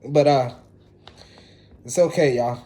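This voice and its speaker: A man's voice: medium pitch, takes it slowly, dark tone. A man, chatting casually to viewers in a laid-back way while he cooks. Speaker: home cook. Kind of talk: casual cooking vlog.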